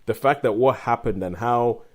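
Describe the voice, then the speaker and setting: A man's voice: mid-range voice, moderate pace, a little mellow. A man hosting a podcast, talking in a chatty way with frequent laughs. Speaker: podcast host. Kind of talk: casual chat.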